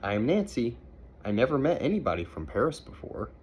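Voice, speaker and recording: A man's voice: mid-range voice, very animated, a little fast, darkish tone, a little hiss or hum, lightly acted. A dad doing an eager little storybook girl. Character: chatty curious little girl.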